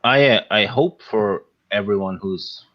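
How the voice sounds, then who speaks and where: A man's voice: on the low side, muffled recording. A man on a casual panel chat, speaking hesitantly and filling his talk with "uh". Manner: slow, hesitant, full of uhs.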